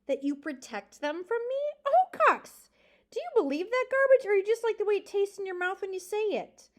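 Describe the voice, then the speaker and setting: Lady reading a grumpy porcupine guy, scornful, snorty, high bouncy voice. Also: big pitch swings, moderate pace, fairly bright tone. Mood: scolding. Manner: snorting, dismissive, teasing. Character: gruff male porcupine, blunt and scornful.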